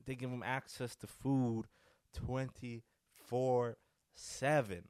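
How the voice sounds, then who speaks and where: A man's voice: medium pitch, steady tone, slow, darkish tone, smooth, dry recording, studio quality. A young man hosting a casual solo podcast, rambling loosely with lots of fillers and restarts. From North America. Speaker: podcast host.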